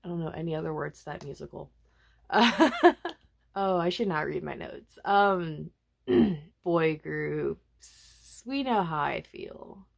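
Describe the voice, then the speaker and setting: Lively, chatty young woman vlogger. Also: low-pitched, slow, creaky. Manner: animated, chatty, self-mocking, bursts into snippets of song. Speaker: K-pop vlogger. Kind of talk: casual chatty album review.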